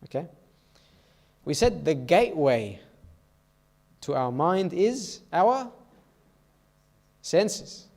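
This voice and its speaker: Youth speaker, male, slightly raised pitch; church sermon told through stories, keeps asking "all right?". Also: very animated, drawn-out words, vocal fry, pauses often, a little mellow.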